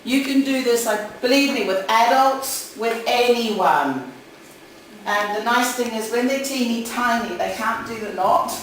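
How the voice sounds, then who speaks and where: Female presenter with a New Zealand accent, animated and jokey, recorded in a reverberant conference hall with faint room noise. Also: a little high, measured pace, far from the mic. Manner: chatty, jokey, animated with audience asides. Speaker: conference speaker for English teachers. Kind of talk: lively conference talk. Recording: echoey hall, speaker off-mic at times.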